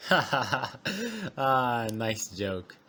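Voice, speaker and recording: A man's voice: mid-range voice, sing-song, extremely slow, bright, forceful tone, full character voice. A man with a thick foreign accent playing a cheerful, laid-back captive who chats with easy hesitations. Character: cheerful easygoing adult man, a fellow captive.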